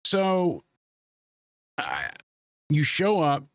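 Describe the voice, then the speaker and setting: A man's voice: fairly high pitch, wildly swooping pitch, drawn-out words, no echo, studio quality. A man hosting a casual chat, recapping news in a rambling, hesitant way. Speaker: host.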